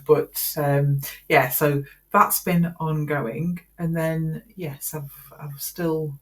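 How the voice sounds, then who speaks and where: A woman's voice: deep voice, steady tone, takes it slowly. A middle-aged woman chatting casually as a podcast co-host, rambling with frequent laughter. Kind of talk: casual chat.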